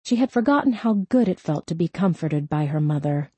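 A woman reading a novel aloud in a steady, scripted narration. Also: low-pitched, brisk, breathy edge, no room sound. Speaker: audiobook narrator.

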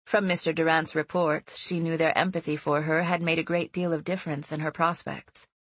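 Low-voiced woman narrating an audiobook. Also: little pitch movement, brisk, dry recording. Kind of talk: scripted narration.

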